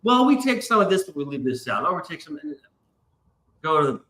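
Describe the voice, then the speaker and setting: A man hosts a casual live stream, swearing freely as he rambles through a long story. His voice is bright and forward. The room gives it a noticeable echo. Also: on the high side, big pitch swings, a little fast. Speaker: stream host. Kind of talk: casual chat.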